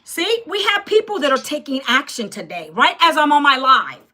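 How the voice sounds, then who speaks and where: A woman in her fifties hosts a live stream with a high, bright voice. She talks loudly, close to yelling. She addresses viewers in the chat head-on and scolds them bluntly. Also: big pitch swings, normal speed, slight background noise. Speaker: livestream host selling an online program.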